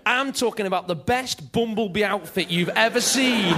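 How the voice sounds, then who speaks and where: A man's voice: high-pitched, normal speed, over a noisy crowd. A man doing a stand-up comedy set, telling stories with energy. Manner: energetic, animated storytelling.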